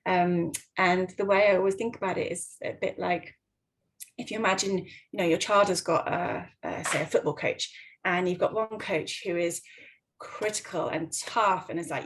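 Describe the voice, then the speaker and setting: A woman clinical psychologist talks through advice in a gentle way. She pauses on ums and restarts her sentences often. Her voice sits slightly low. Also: rough recording. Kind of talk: advice talk.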